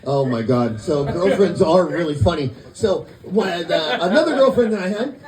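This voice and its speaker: Deadpan stand-up man, lively pitch. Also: normal speed, roomy sound, a crowd in the background, poor audio. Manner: deadpan storytelling with quoted voices. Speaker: stand-up comedian. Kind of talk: stand-up set. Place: comedy club.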